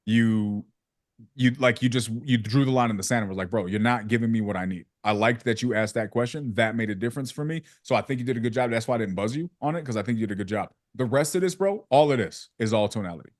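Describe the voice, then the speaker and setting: A man gives blunt feedback on a sales call, mixing slang with quick acted-out examples. His voice sits at an ordinary pitch and sounds close and dry, with no room around it. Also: no echo. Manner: direct, animated coaching with acted examples; casual slang, calls people bro. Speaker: sales coach. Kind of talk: feedback session.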